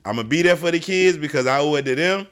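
A man who hosts a podcast and coaches youth football, telling stories in casual chat, animated and profane. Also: a little high, fast, clean tone.

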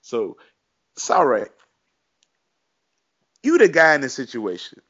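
A man's voice: medium pitch, wildly swooping pitch, slow pace, fairly bright tone, no room sound. Man, podcast co-host, rambling storyteller, muffled lo-fi, dry. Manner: rambling, many "you know" fillers. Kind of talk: casual chat, storytelling. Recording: dull dry lo-fi audio.

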